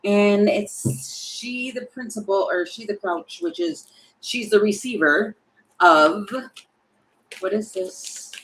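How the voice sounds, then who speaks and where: Woman, tarot reader, live reading, chatty, thinks aloud, middle pitch, faint background noise. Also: lively intonation, slow, low-quality recording. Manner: chatty, thinking aloud, acts out little quoted voices; exasperated about the energy.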